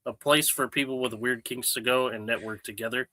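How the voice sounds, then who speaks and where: Male co-host, mid pitch, bright edge, relaxed easygoing delivery. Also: brisk, no room sound. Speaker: podcast co-host. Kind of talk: casual comedy podcast chat.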